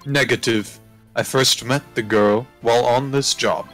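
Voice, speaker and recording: A man voicing a stiff male bomb-squad witness, reading in a flat, clipped robotic way. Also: mid-range voice, a little slow, faint music behind, lightly acted, low-quality recording. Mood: deadpan. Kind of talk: reading a game script aloud.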